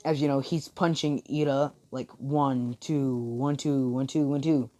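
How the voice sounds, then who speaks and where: A man's voice: mid-range voice, fairly even intonation, measured pace, dark tone. Rambling casual male storyteller. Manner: rambling, many fillers and swearing. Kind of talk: casual fan-fiction retelling.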